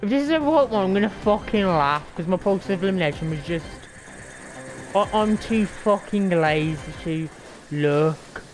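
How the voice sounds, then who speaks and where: A woman's voice: lowish voice, lively intonation, normal speed, faint music behind. Sweary Australian woman streaming a game. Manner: profane, rambling, slangy banter. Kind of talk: casual gameplay commentary.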